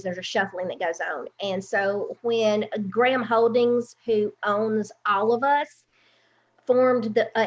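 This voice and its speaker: Southern female guest, Alabama accent, fairly high voice, chatty with fillers, muffled lo-fi call audio. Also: fairly bright tone. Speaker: guest, content manager. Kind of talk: casual interview chat.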